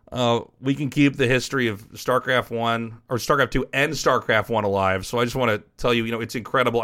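A fairly bright, medium-pitched man from the United States recounts something personal on his podcast in a candid, meandering manner, dropping casual swears. He works as a podcast host and esports caster.

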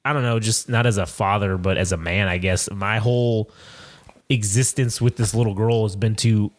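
A man's voice: fairly low pitch, moderate pace. A man in his thirties, co-hosting a casual chat show, telling a story with lots of swearing and acted-out voices. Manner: profane, animated storyteller acting out quoted voices. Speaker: podcast co-host.

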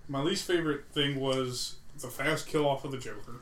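A man chatting casually about a film, blunt and animated, swearing freely as he rants. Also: medium pitch, normal speed. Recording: echoey room, faint ambient noise.

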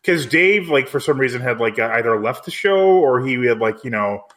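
A man's voice: mid-range voice, lively intonation, brisk, fairly bright tone. A man co-hosting a podcast, chatting casually and rambling with lots of "like" fillers. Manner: rambling, filler-heavy with frequent "like". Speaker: podcast co-host. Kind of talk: casual chat.

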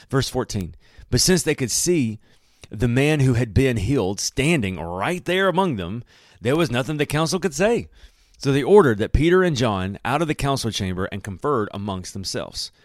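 A man reads scripture aloud in a mid-pitched voice and breaks off to comment on it. He speaks in an enthusiastic, conversational way. The sound is close and dry, with no room echo. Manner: enthusiastic, conversational, laughs often. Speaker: Bible teacher. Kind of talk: Bible reading with commentary.

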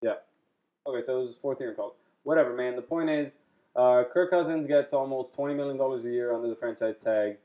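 A man's voice: mid-range voice, fast talker, mellow. A young adult man co-hosting a casual sports chat, blunt, profane and wisecracking. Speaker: podcast co-host. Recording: dull, muffled lo-fi audio.

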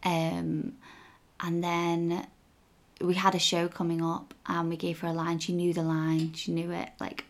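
A woman's voice: fairly low pitch, monotone, a little slow. A young woman who teaches at a theatre school, telling stories in a casual podcast chat, full of fillers and restarts. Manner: chatty storytelling, many fillers and restarts.

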